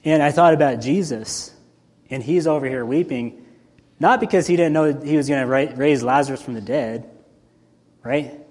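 A male pastor giving a conversational, animated sermon, swinging between loud and soft. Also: medium pitch, normal speed. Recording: long hall reverb.

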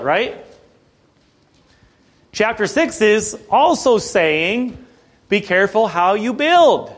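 Male pastor, sermon, high voice, lively pitch swings, chatty asides. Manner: conversational, animated preaching with frequent asides.

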